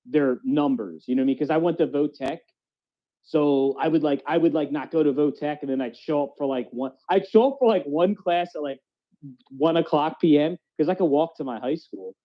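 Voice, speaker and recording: A fairly high-voiced man talking on a casual podcast, animated and profane, tripping over his own restarts. The audio sounds dull and lo-fi, with the top end rolled off. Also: a little fast. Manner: animated, swearing, restarts often. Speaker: podcast host. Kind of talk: casual chat.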